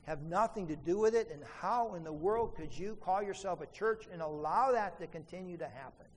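A man preaching a sermon as pastor, emphatic, rising to pleading peaks and dropping to quiet asides. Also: sits high, fairly quick, a little hiss or hum. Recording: faint room ambience with long hall reverb.

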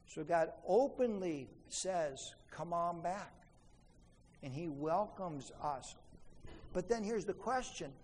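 A man's voice: fairly high pitch, slow. Preaching man in a reverberant hall. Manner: emphatic preaching with pleading rises and quiet drops. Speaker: pastor. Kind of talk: sermon. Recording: faint room ambience with long hall reverb.

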